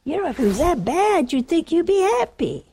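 Woman preacher, gravelly voice, teasing conversational sermon. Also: sits high, very animated, brisk, mellow, slight background noise. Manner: teasing, conversational, acts out stories.

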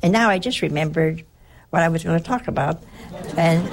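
A woman's voice: fairly low pitch, moderate pace, crowd noise, background noise. An older woman, a nun, telling a personal story in a rambling, conversational way. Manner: rambling, conversational, with frequent restarts.

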